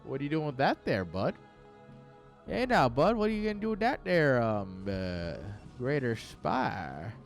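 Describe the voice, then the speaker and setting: A man's voice: mid-range voice, sing-song, a little slow, vocal fry, faint music behind. A man voicing a nosy, folksy male starship with a put-on Canadian accent, drawling and teasing.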